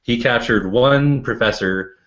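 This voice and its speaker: A Canadian man hosting a round-table chat over a video call, laid-back and quick to laugh. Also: medium pitch, a bit bright. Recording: dull lo-fi call audio.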